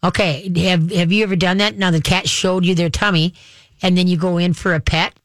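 A woman's voice: on the low side, steady tone, fairly quick, dry recording. A woman hosting a radio show, chatting casually about pets and acting out what the animals might say. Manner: chatty, acts out pets' voices and repeats questions.

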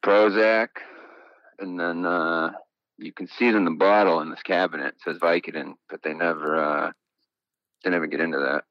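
Boston guy calling in to a quiz, super low voice, kinda unsure, muffled line. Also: moderate pace, no echo. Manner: relaxed, unsure guesses. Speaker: caller. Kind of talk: casual phone call.

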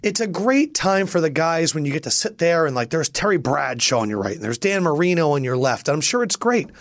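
A man hosting a sports podcast, teasing his co-host in quick, casual banter. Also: a little high, sing-song.

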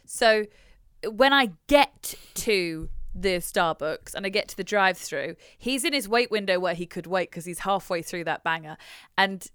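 A woman in her thirties, co-hosting a casual chat, expressive and quick to laugh, swearing now and then. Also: medium pitch, smooth, no echo, clean studio sound. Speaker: podcast co-host.

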